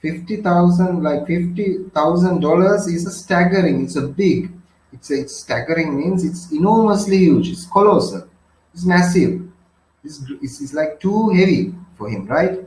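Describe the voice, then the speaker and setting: A male teacher with a fairly high voice explains a novel line by line. He restates things and keeps asking 'right?'. The sound is roomy and echoey. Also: expressive, moderate pace, a little mellow. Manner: repetitive, checking in with 'right?'; paraphrases and defines words.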